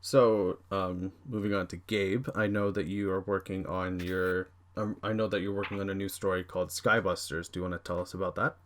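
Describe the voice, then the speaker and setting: A man's voice: low voice, flat delivery, brisk, hardly any pauses. A young man from Canada hosting a podcast, chatting in a jokey, teasing way. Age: young adult. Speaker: podcast host. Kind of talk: casual chat.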